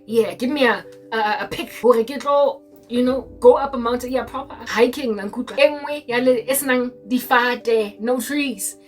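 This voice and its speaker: South African woman telling a story, slightly high voice. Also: moderate pace. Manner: mixes English with Sesotho, frequent "do you understand?". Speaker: Christian YouTuber. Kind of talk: casual storytelling monologue. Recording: distant mic with faint music behind.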